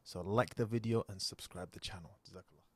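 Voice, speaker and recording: A man hosting a commentary channel who lectures his audience at a measured pace. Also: fairly low pitch, fairly even intonation, breathy edge, no echo. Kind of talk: commentary video monologue.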